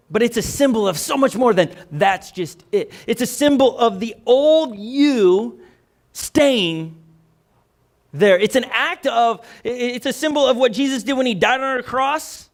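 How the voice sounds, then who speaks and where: A male pastor preaching a conversational, energetic sermon, often restarting his sentences. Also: high voice.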